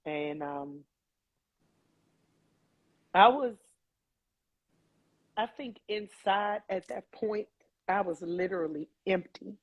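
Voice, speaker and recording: A woman, a mother of older children, recounting a painful family memory in an emotional, vivid way, acting out the dialogue with halting restarts. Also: mid-range voice. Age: adult, mother of older kids. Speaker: guest telling her story. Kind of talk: emotional personal storytelling. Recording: dull, slightly muffled dry sound.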